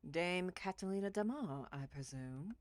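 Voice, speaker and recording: A woman's voice: fairly low pitch, animated, normal speed, soft background music, close to an everyday voice. A woman voicing a young noble cat lady prisoner who speaks in a sweet, polite, courtly manner. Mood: genteel.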